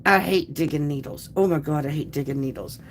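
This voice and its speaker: A woman's voice: low-pitched, brisk, a little hiss or hum. A woman hosts a casual livestream, chatting loosely with viewers and reading out their comments. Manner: chatty, rambling, restarts sentences. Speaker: livestream host.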